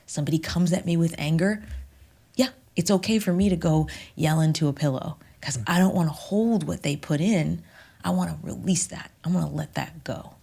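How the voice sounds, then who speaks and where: Low-voiced woman, measured and emphatic. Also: a little mellow, husky. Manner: measured and emphatic, drops at times into a whisper. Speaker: voice teacher and author. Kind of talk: reflective podcast interview.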